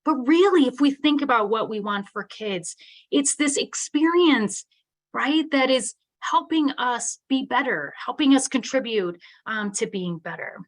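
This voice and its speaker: A woman's voice: on the high side, animated, a little slow. A middle-aged woman giving an earnest, conversational keynote in a live webinar, often checking in with "right?". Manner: earnest, conversational, tag questions. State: teary-eyed. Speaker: keynote speaker.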